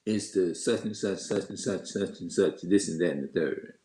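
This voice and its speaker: Deep-voiced guy cussing his way through a mad story for viewers, stumbles and restarts a lot. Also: dark tone. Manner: heated, cursing, halting with many restarts. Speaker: vlogger. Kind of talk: profane angry storytelling rant to viewers. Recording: echoey room.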